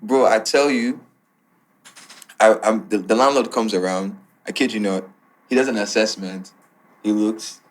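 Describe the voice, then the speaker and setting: A man's voice: on the low side, measured pace, long pauses. A man, a guest musician telling a story in casual chat and slipping into pidgin slang. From Nigeria. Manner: animated, laughing storyteller mixing in pidgin slang.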